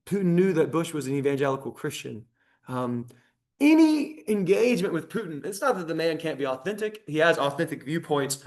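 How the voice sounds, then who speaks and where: Male lecturer with a high, bright-sounding voice; animated and conversational, peppered with ums, speaking at a library talk. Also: normal speed. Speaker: history lecturer.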